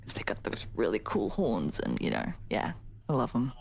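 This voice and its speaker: A tired woman streamer chatting casually with viewers, laughing often and slipping into soft whispers. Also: very deep voice, big pitch swings, moderate pace, vocal fry. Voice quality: tired, giggly. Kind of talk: casual chat reading viewer comments.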